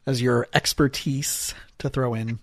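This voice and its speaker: A man hosting a podcast as a marriage and family therapist, talking in a casual, animated way with frequent restarts and fillers. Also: medium pitch, unhurried, dry recording, studio quality.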